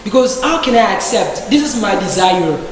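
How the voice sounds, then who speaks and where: A man's voice: sits high, expressive, moderate pace. Indignant man in an echoey hall. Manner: indignant, emphatic, repeats rhetorical questions. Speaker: debate participant. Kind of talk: impassioned speech in a discussion group. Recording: very echoey hall with faint background noise.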